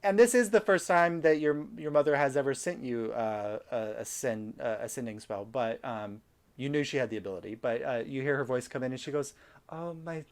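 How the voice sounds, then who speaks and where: Man, game master, relaxed, filler-heavy narration, mid pitch. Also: a little fast.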